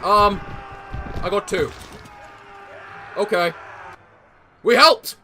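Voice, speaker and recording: A man doing let's play commentary, excitable and joking, who shouts during fights. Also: sits high, extremely slow, slight background noise. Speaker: gaming channel host.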